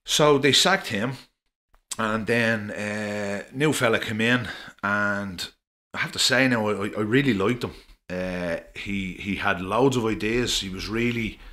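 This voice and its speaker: A middle-aged Irish man rambles through anecdotes in a casual, chatty way, full of fillers. His voice sits low but comes across forceful and punchy. He is a podcast guest telling stories. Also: a little slow. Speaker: podcast guest, former referee. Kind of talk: casual storytelling.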